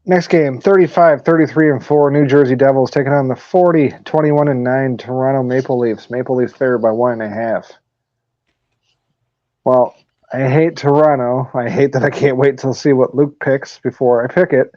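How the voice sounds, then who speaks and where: A man's voice: medium pitch, fairly even intonation, normal speed, warm tone, dry recording. A man hosting a sports picks podcast in a casual, profane style, laughing often while he tells stories. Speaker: podcast host running weekly picks. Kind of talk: casual chat. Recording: dull lo-fi audio.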